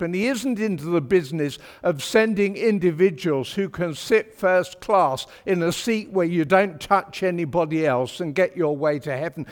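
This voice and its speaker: A man delivers a sermon in a chatty, wry way, pressing hard on his key points. His voice runs somewhat high for a man. The church around him adds a long, hanging reverb. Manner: chatty, wry and emphatic, with homely British turns of phrase. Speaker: preacher.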